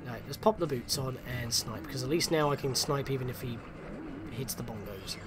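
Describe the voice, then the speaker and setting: A man's voice: mid-range voice, normal speed, heavy background noise. A man hosting a gaming channel, giving chatty, self-deprecating let's play commentary and reacting with surprise.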